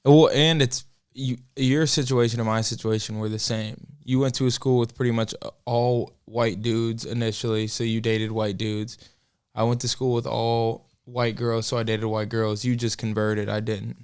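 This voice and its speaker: A young man in his twenties co-hosts a relaxed couple podcast, teasing and joking along the way. His voice is mid-pitched for a man, smooth and clean. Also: normal speed. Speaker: podcast co-host. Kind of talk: casual couple podcast chat.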